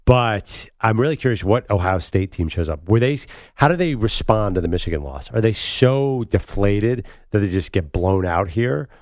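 Man, sports co-host, jokey, laughs a lot, lowish voice, dry studio sound. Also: expressive, normal speed, hardly any pauses, darkish tone, dry recording. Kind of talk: casual sports chat.

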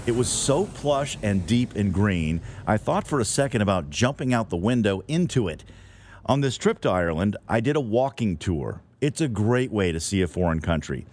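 A man's voice: fairly low pitch, sing-song, moderate pace, a little mellow. A middle-aged man telling a scripted, wry, playful story as a podcast host.

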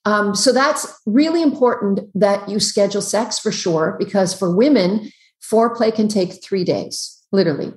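Woman psychologist guest on a video call, emphatic explainer, mid pitch, echoey room. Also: a little mellow. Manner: emphatic, explanatory, talks in quick lists. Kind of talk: podcast interview giving advice. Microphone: computer on a video call.

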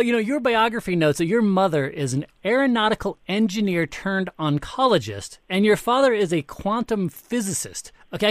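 A man co-hosting a podcast, chatty and quick to laugh as he questions a guest. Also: high voice, no echo. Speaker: podcast co-host.

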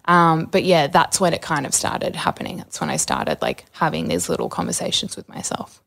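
A woman's voice: low-pitched, wildly swooping pitch, brisk, gravelly, a bit bright. A young adult woman, a podcast guest, talking candidly in a rambling, chatty way full of fillers. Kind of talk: casual candid interview.

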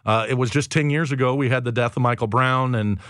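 A man's voice: mid-range voice, fairly even intonation, fast talker, a bit bright, no echo, studio quality. A man co-hosting a morning radio show, chatting and teasing his partner in casual banter. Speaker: radio co-host. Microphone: studio microphone.

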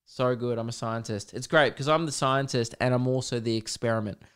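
Sweary, rambling podcast host. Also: male voice, mid-range voice, steady tone, brisk, fairly bright tone, clear, resonant tone. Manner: candid, sweary and rambling, with mocking put-on voices. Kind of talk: solo casual podcast chat.

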